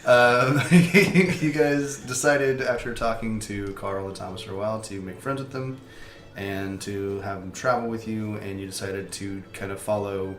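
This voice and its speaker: A man's voice: fairly low pitch, fairly even intonation, a little slow, fairly bright tone. A man narrating as game master, recapping with playful, frequent laughter. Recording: roomy echo.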